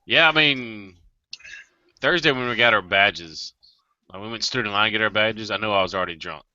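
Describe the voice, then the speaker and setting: Very bright-voiced man joking around. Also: lowish voice, normal speed, no echo. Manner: loose, joking, profane. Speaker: podcast co-host. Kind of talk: casual chat. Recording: muffled lo-fi podcast mic.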